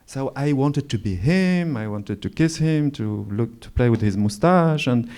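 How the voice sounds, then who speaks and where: A Moroccan author in his forties, a native Moroccan Arabic speaker, tells reflective stories on stage at a literary event. He talks slowly with a medium-pitched, animated, mellow voice, often searching for words, pausing and restarting.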